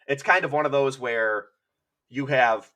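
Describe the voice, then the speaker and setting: Man, podcast co-host, bright voice, wry, rambling. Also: medium pitch, unhurried. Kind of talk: casual chat.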